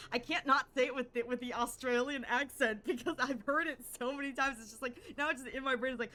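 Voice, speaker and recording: A woman's voice: on the high side, brisk, sharp tone. A young adult woman livestreaming a story game, rambling in casual chat and laughing often.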